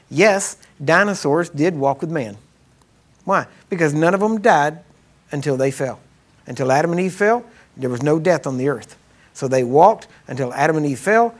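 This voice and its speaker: Conversational middle-aged male Bible teacher. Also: fairly high pitch. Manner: conversational, checks in with the audience with "right?" and "Amen?"; emphatic, slows down to stress scripture words. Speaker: minister teaching a healing course. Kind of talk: sermon-style Bible teaching.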